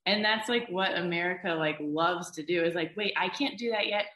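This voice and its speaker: Co-host woman, easygoing chat, bright tone, echoey room. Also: on the low side, moderate pace. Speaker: podcast co-host. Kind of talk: casual chat.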